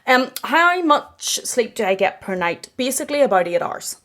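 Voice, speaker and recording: A woman's voice: on the high side, sing-song, normal speed, a bit bright. A woman in her thirties chatting through a get-ready-with-me Q&A at home, sounding tired, talking in an emphatic way and repeating points for stress. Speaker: fashion and bag YouTuber.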